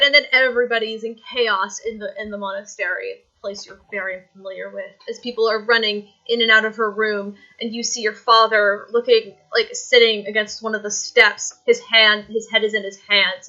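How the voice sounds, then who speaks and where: A woman's voice: mid-range voice, level tone, normal speed, bright, forceful tone, highs cut off. A woman narrating a tabletop game as dungeon master, rambling through descriptions with many fillers.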